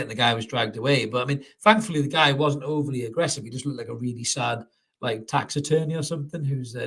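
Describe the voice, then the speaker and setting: Football fan host, male, husky, casual and sweary, live reaction stream. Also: mid-range voice, a bit bright. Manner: casual, sweary, reads out viewer comments.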